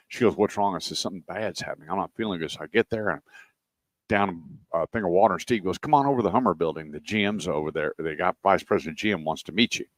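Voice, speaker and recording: Folksy deep-voiced radio host. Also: male voice, quick pace, no room sound. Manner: folksy, animated anecdote teller. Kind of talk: casual chat and storytelling. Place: car dealership showroom.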